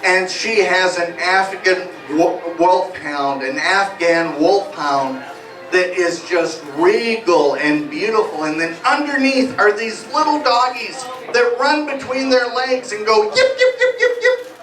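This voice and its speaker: A high-voiced man runs a stage hypnosis act, talking slowly and playfully as he walks volunteers through suggestions. He is picked up from far off in an echoey bar, with music behind him. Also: a bit bright. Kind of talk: live hypnosis comedy show. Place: small bar, live show.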